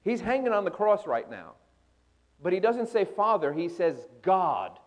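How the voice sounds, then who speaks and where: A man preaching a sermon as a pastor. He questions the congregation and moves between loud emphasis and hushed storytelling. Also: high-pitched, big pitch swings, unhurried.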